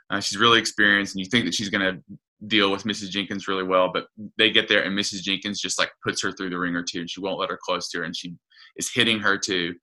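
Bright-toned man preaching conversationally. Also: fairly low pitch. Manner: earnest, retelling a story with hesitant restarts. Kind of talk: conversational sermon.

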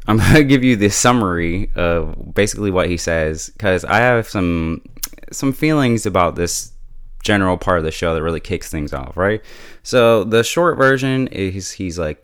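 A man casually recapping and reviewing a TV episode in a relaxed, chatty way, laughing often and filling his talk with "like". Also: deep voice, measured pace, clean tone, no echo, clean studio sound. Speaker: TV show reviewer.

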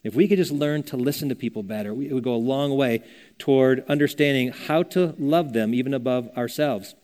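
A man's voice: mid-range voice, brisk, darkish tone. An older man preaching a sermon as a pastor, earnest and conversational, telling stories as he teaches. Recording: long reverb of a church hall.

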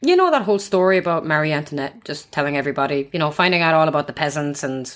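Playful woman cracking jokes on a podcast, slightly low voice. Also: lively intonation, rapid-fire. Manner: playful, jokey, breaks into song. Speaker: podcast co-host. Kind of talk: casual chat.

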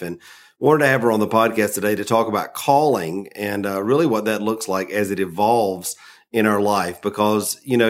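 A man with a Southern US accent hosting a podcast in a friendly, chatty way, with many fillers. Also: on the low side. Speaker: podcast host. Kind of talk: casual podcast interview.

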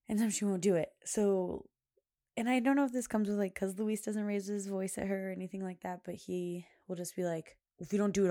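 A woman's voice: mid-range voice, vocal fry, warm tone, dry recording, studio quality. A young woman hosting a podcast, telling a rambling, casual story full of fillers. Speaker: podcast host. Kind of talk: casual chat.

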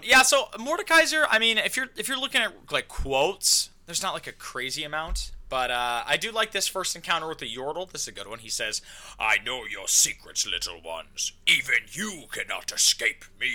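A man hosting a casual podcast, talking in a loose, joking way full of fillers and playful asides. His voice is sharp and bright, and his pitch bounces around a lot. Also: lively intonation, a little fast. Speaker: podcast host. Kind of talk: casual chat.

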